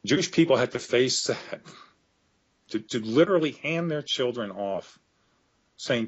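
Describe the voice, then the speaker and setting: A man's voice: medium pitch, lively intonation, a little slow, long pauses, breathy edge. A middle-aged man interviewed as an author, telling grave scenarios in an earnest voice that turns emotional. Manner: earnest storytelling, growing emotional. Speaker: author guest. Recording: dull lo-fi audio.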